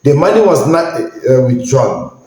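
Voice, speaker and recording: A man's voice: mid-range voice, very animated, a little slow, warm tone. A man hosting a podcast, giving an indignant, emphatic ranting commentary and sometimes searching for words. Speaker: podcast host. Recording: very echoey room.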